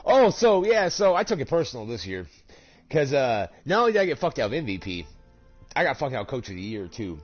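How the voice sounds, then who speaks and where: A young man streaming a game from home, chatting casually and swearing a lot, laughing and working himself up into loud rants. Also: medium pitch, fairly quick, soft background music. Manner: animated and profane, laughing, rising to loud excited rants. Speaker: gaming streamer. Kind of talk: casual chat while streaming. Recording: dull lo-fi stream audio.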